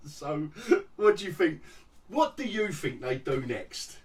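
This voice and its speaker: A man's voice: fairly high pitch, far from the mic, slight background noise. A man ranting sarcastically in a casual TV review vlog, rambling and mocking the show. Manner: mocking, rambling, restarts often, laughs at the show. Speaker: TV review vlogger.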